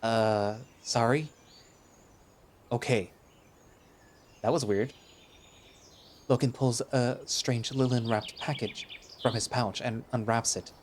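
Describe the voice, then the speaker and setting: A man narrates a first-person audio story with wry, expressive delivery. His voice sits in a middle range. Faint outdoor ambience with birds stays low behind him. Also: slow pace, long pauses, slight background noise. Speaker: narrator and lead voice.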